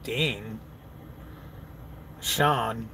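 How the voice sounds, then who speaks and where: A truck driver chatting casually on a live stream, reading viewer comments aloud and answering them, swearing freely and laughing often. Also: male voice, fairly low pitch, extremely slow, creaky, sharp tone, slight background noise.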